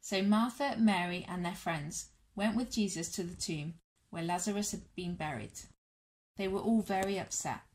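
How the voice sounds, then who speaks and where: A woman's voice: lowish voice, moderate pace, a little mellow. Woman reading a children's Bible story. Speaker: storyteller for a church all-age session.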